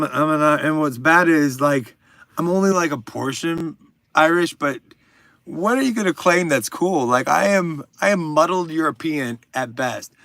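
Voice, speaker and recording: A man's voice: on the high side, gravelly, bright, forceful tone, no room sound. A man in his forties hosting a casual livestream, chatting with viewers and reading their comments in a rambling, profane, self-deprecating way. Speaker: livestream host.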